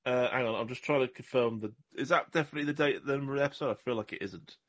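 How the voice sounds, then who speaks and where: A man's voice: mid-range voice, rapid-fire, a bit bright. A man from southwest England co-hosting a podcast, rambling and joking at his own expense in casual chat. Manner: rambling, self-mocking, joking. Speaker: podcast co-host.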